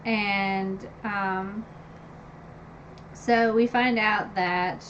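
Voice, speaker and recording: A woman casually retelling a fantasy novel's ending, animated and gushing, with lots of fillers and sudden high squeals when excited. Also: very slow, dull audio, slight background noise. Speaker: book review vlogger. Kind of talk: casual book recap.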